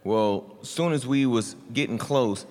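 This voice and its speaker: A man guest on a podcast, telling a story in a halting way with lots of ums. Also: medium pitch, darkish tone. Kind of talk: casual chat. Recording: long room reverb.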